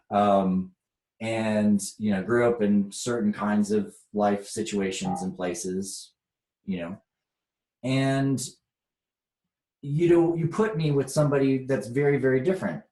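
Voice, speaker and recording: A man's voice: lowish voice, slow, pauses often, warm tone, roomy sound. An American man leading a spiritual workshop talk, reflective and chuckling often as he teaches.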